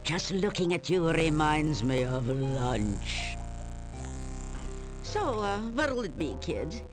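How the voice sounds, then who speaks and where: A cackling old witch from a video game, sliding all over her pitch as she taunts her prey. She is slow and deliberate, relishing every threat, and her voice sits a little low for a woman. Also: very animated, music in the background, exaggerated voice. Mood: gloating. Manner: cackling, taunting, sing-song.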